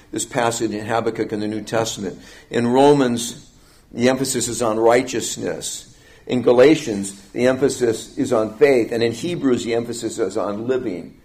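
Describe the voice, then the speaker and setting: A male preacher walks through scripture in an expository teaching style. His delivery is emphatic, climbing on key phrases and then dropping back. He slows down deliberately to press each point home. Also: mid-range voice, a little mellow. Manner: emphatic, rising and falling delivery with deliberate slowing on key words.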